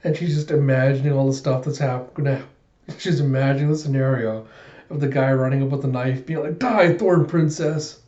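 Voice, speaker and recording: A man's voice: medium pitch, steady tone, brisk, dark tone, reverberant, muffled recording. A man casually retelling a manga chapter in a chatty, rambling way. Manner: chatty, filler-heavy retelling. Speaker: manga reviewer. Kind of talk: casual reaction recap.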